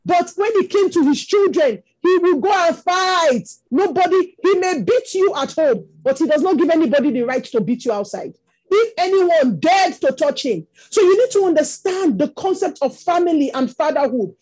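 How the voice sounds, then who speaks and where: A woman's voice: very high-pitched, lively intonation, normal speed, a little mellow. A Nigerian woman preaching a sermon, telling stories that rise into impassioned exclamations. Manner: storytelling, rising to impassioned exclamations.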